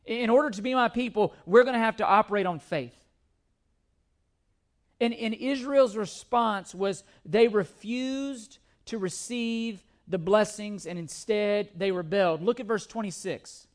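A man preaching a sermon, reading scripture slowly and then speaking in quick, emphatic asides, often repeating his words. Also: high voice. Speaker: pastor.

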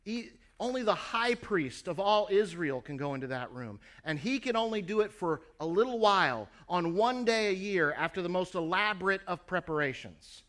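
A patient, apologetic male gatekeeper speaks in a slightly higher voice, as a preacher acts him out. He explains things in a matter-of-fact way and gently corrects the listener. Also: lively intonation, normal speed, hardly any pauses. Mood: explaining.

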